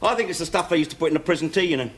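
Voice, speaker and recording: A man's voice: a little high, very fast, close to an everyday voice. An actor playing a sardonic middle-aged ex-convict father, wisecracking and dry. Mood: teasing. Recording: noisy old TV sitcom recording.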